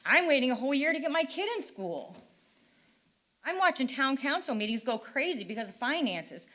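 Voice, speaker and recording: An older woman addresses a town council during public comment, frustrated and pleading. Her voice is bright and sits fairly high, and it sometimes breaks as she talks. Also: very animated, normal speed. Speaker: resident speaking at public comment.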